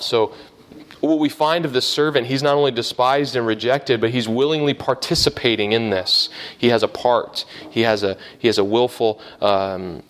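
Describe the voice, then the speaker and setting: A man's voice: mid-range voice, fairly bright tone. A man teaching a Bible class, explaining step by step with many fillers and restarts.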